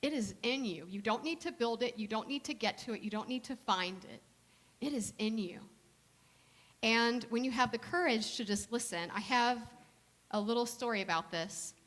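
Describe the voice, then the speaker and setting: A woman with a fairly high voice delivers a sermon like a relaxed chat with her congregation. She tells personal stories in an easy, conversational way and slows down, going soft and deliberate, whenever she lands a point. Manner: conversational storytelling with slow soft emphasis. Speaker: minister.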